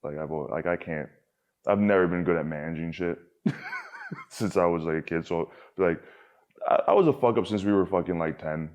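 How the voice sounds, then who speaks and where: A man's voice: sits low, moderate pace, darkish tone, highs cut off. A young man talking candidly as a podcast guest, rambling with lots of filler words and casual swearing.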